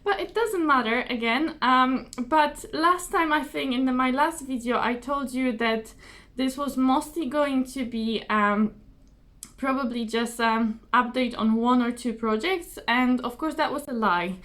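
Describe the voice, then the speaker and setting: A young woman hosting her own crafting video, chatting casually and apologetically to camera, slightly hoarse, with many fillers and repeated words. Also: sits high, unhurried, fairly bright tone.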